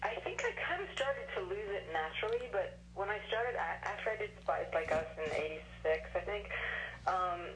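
A woman's voice: mid-range voice, animated, moderate pace, fairly bright tone, slight background noise, poor audio. A woman in her forties from England with an American accent, chatting as an interview guest with lots of restarts and small laughs. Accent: American, with faint British traces. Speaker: guest, actress. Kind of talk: casual interview chat.

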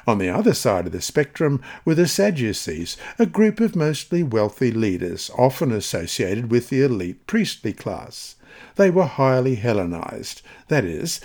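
A man reading a scripted devotional Bible study in a measured, earnest way, slowing on key phrases. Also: medium pitch, darkish tone. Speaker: devotional reader.

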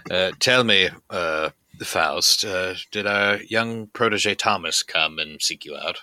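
A man playing a formal gentleman with a very deep voice. His delivery is measured and wry, bright and crisp, recorded close and dry. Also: no room sound, full character voice.

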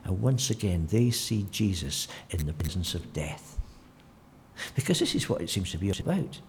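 A man preaching a sermon, telling the story with animated delivery and acting out quotes in different voices. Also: sits low, moderate pace, vocal fry, a little hiss or hum.

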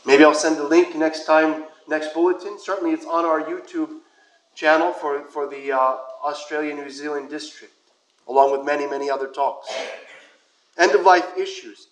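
A male priest giving a sermon, telling a personal story in a conversational way, with soft whispered asides. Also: fairly high pitch, fairly even intonation, normal speed, roomy sound, a little hiss or hum, low-quality recording.

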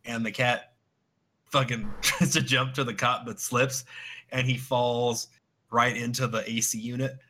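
Bright-voiced casual male podcast co-host. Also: medium pitch, little pitch movement, unhurried. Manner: rambling, laughing, acts out quoted voices. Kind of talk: casual chat.

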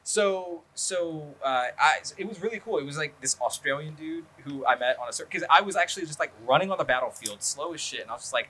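Podcast host guy rambling and cussing, bright voice, lots of ums and likes. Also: fairly high pitch, expressive, brisk, slight background noise. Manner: rambling, profane, lots of fillers. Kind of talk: casual chat.

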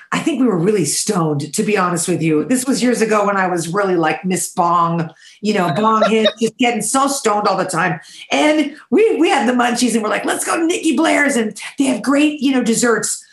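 An animated woman chats on an interview, telling stories with emphasis and the odd swear. Her voice sits mid-range, and the room around her has a noticeable echo. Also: medium pitch. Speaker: guest, dessert baker. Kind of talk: casual interview chat.

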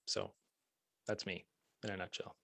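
A man with a Prince Edward Island Canadian accent, a music teacher and author chatting as a guest in a relaxed way and trailing off softly at the ends of his thoughts. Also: low voice, unhurried, gravelly, no echo. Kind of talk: casual interview conversation.

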